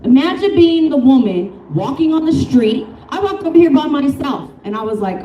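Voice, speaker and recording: A woman's voice: sits high, lively intonation, normal speed, few pauses, lo-fi sound, slight background noise. A woman from Colorado giving a fiery, profane, off-the-cuff protest speech at an outdoor rally. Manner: fiery, profane, off-the-cuff, laughs between lines. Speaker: rally speaker. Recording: echoey, from a distance.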